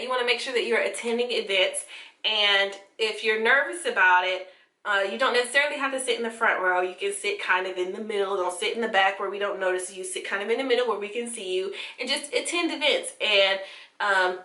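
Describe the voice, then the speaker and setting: A woman's voice: medium pitch, bright, forceful tone. A young woman giving casual, encouraging advice straight to the camera, talking conversationally with fillers and restarts. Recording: echoey room.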